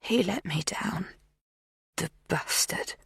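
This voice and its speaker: A narrator voicing an unhinged woman who talks in a plaintive, hushed, sometimes whispered way. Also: a little high, wildly swooping pitch, takes it slowly, husky, no echo, studio quality, pitched above the performer's own voice, heavily acted. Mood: menacing hush.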